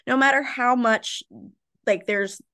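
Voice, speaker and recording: Animated young woman telling her story. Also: a little high, takes it slowly, clear, resonant tone. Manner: animated, tags points with "right?" and "like". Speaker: podcast guest. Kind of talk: candid storytelling in a podcast conversation.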